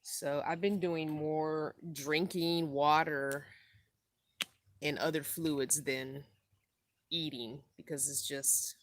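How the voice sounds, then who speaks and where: Tired low-voiced woman chatting on a live stream. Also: steady tone, slow, slight background noise. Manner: laid-back, rambling, reads viewer comments aloud. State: tired from lack of sleep. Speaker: van-life vlogger hosting a live stream. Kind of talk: casual live-stream chat.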